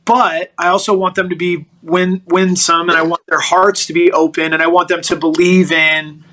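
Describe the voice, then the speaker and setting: Middle-aged male guest, high and bright, animated storyteller who restarts his sentences. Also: normal speed, poor audio. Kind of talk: personal storytelling in a podcast interview.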